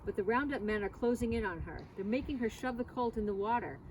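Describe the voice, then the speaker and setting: A woman reading aloud, voicing an excited old fisherman who shouts news in country dialect. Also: fairly high pitch, quick pace, lightly acted. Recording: distant mic, loud outdoor noise.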